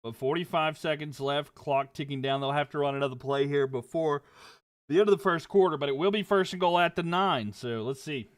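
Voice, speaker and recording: A young man giving casual play-by-play commentary on a livestream, getting louder on big plays and dropping low when he talks to viewers. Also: clean tone. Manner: rises and quickens on big plays, drops low chatting with viewers.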